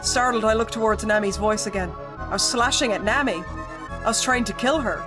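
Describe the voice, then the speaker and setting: A woman streamer reading a visual novel aloud in an expressive voice, dropping in joking asides. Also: fairly high pitch, moderate pace. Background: game music.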